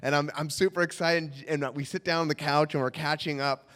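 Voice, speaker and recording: A young man telling a personal story in an animated way, acting out the quotes, in a hall with a long echo. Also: a little high, brisk.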